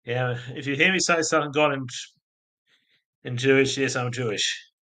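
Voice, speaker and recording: At normal speed, a man with a bright, forceful, medium-pitched voice chats casually on a live stream with an Australian accent. He rambles across topics, reads out viewer comments, and frequently laughs at his crude jokes.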